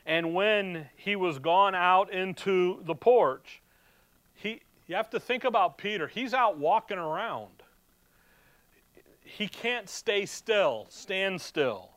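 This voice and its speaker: Guy teaching bible verse by verse, high smooth voice, reads the text then chats about it, dry close sound. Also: lively intonation, slow pace, fairly bright tone, dry recording. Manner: reads scripture aloud, then explains it in casual, chatty asides.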